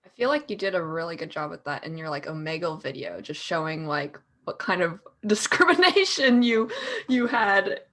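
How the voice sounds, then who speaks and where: A woman co-hosts a podcast in a relaxed, casual chat. Her voice sits on the low side, and she greets the guest's stories with enthusiastic exclamations. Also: normal speed. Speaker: podcast co-host.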